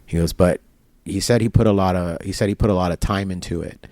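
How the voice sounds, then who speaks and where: A deep, steady, slightly mellow male voice, quick-paced and dryly recorded. The interview guest, at a barber shop, tells a long story in casual chat, playing both sides of phone calls with quoted dialogue and laughter.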